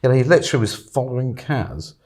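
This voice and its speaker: A man's voice: mid-range voice, sing-song, fast, a little mellow. A man telling a casual anecdote as a podcast guest, chatty, laughing often and acting out what others said.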